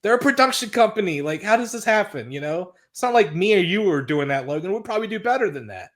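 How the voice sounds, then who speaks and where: A man's voice: sits high, animated, fast talker. Blunt, profane male wrestling podcaster. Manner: blunt, profane, exasperated recapping. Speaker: podcast co-host. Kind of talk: casual chat recapping wrestling.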